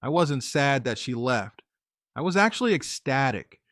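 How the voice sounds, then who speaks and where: A man's voice: medium pitch, sing-song, normal speed, fairly bright tone, no echo, studio quality. A man narrating his own story in a casual, conversational way, talking to his listeners directly. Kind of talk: first-person story narration.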